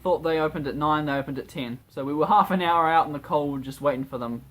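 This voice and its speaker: A man's voice: on the high side, quick pace, a bit bright. A young man with a New Zealand accent, chatting casually and rambling in a travel vlog. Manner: chatty and rambling, with frequent fillers. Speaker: vlogger.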